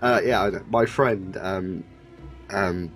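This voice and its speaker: A man with a lowish voice chats casually about a TV show. He talks animatedly, jumping into quick impressions of characters, with faint music playing behind him. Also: a bit bright.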